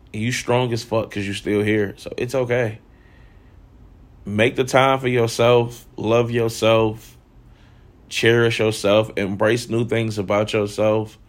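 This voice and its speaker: Guy in his 30s talking real open to his listeners, kinda low voice, cusses a lot, lotta "like"s. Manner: frank, profane, reflective, lots of filler "like". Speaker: host. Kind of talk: candid personal monologue.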